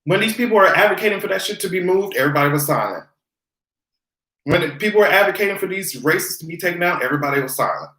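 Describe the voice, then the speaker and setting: A vlogger ranting in casual commentary, profane and sarcastic, now and then slipping into high mocking voices. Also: fast talker, a bit bright, reverberant, poor audio.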